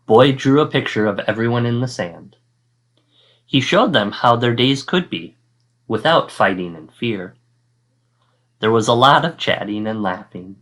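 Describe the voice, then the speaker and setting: Slow, expressive male teacher reading a storybook. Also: mid-range voice. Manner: expressive storytelling, acting out sound effects. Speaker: fourth-grade teacher. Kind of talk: reading a picture book aloud.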